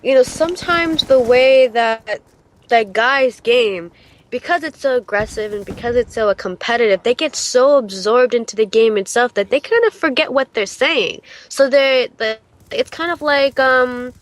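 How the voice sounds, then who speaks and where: A woman's voice: fairly high pitch, moderate pace. A young woman hosting a casual podcast, thinking aloud in rambling sentences and putting questions to her co-hosts. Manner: thoughtful, rambling, restarts phrases. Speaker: podcast host posing questions. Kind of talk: casual chat.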